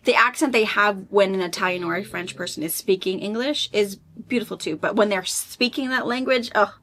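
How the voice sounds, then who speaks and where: An American woman co-hosting a casual chat, agreeable and quick to chime in. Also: medium pitch, a bit bright. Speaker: co-host.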